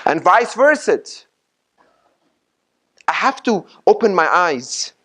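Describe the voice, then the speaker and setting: Man, sheikh, sermon, fairly high voice, emphatic, repeats points, recites Arabic sayings. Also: big pitch swings, slow, sharp tone. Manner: emphatic and repetitive, asks the audience questions; recites Arabic sayings before explaining them. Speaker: sheikh giving a Ramadan lecture. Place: community mosque hall.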